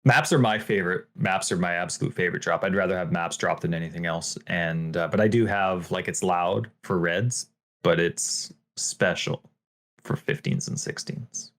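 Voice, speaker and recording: A man co-hosting a gaming podcast in casual chat, excitable and quick to jump into high exclamations. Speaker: podcast co-host.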